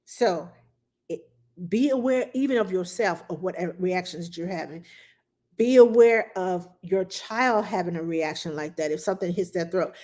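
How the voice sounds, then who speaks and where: A woman's voice: lowish voice, moderate pace, darkish tone. A woman hosting a casual advice talk for parents, telling stories chattily with many fillers and asides. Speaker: childcare advice host.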